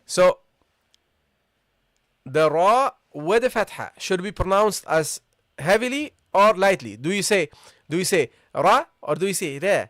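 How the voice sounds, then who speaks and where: Man with a highish voice teaching a live online class, keeps saying okay and guys, dry close sound. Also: lively intonation, fairly bright tone, dry recording. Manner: repetitive, checks in with "okay?" and "guys"; models pronunciations slowly. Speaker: Arabic teacher.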